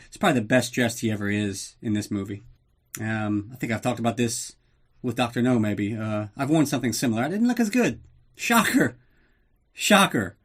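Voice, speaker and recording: A man hosting a podcast, recapping a movie in a loose, profane, joking way. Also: medium pitch. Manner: profane, jokey, does quick voices for characters. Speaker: podcast host. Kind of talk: casual comedic movie recap.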